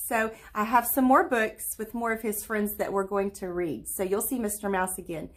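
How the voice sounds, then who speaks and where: A woman teacher leading a recorded virtual lesson for young children, speaking slowly and clearly with lots of encouraging check-in questions. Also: on the high side, fairly even intonation. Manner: claps and stretches words into syllables.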